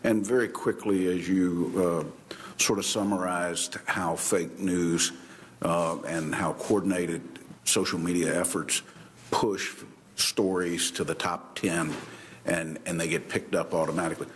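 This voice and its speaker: A man on a committee questioning a witness at a hearing, in a deliberate, hesitant way. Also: low-pitched, fairly even intonation, a little hiss or hum.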